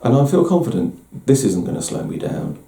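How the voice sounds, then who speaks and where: Man hosting a candid personal talk: middle-aged, deep gravelly dark voice, self-deprecating, slightly echoey room. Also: big pitch swings, fairly quick. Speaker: host. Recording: roomy echo.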